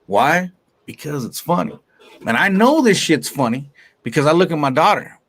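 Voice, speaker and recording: A brash male comedian with a somewhat high voice talks in a loose, profane, animated way. He laughs a lot and speaks with plenty of swagger. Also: normal speed. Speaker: stand-up comedian, guest. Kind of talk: casual interview chat.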